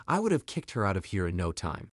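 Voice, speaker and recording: A man's voice: low voice, wildly swooping pitch, fast, dry recording, studio quality, pitched below the performer's own voice, heavily acted. A man voicing a snobbish rich woman diner who speaks scornfully.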